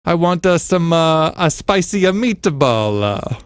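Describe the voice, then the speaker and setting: A man voicing a speaker with a hammy mock Italian accent who stumbles over drawn-out "uh" fillers. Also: a little high, big pitch swings, clear, resonant tone, no room sound, studio quality, voice pushed up. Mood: mock-pompous. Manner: halting, stuffed with drawn-out "uh" fillers.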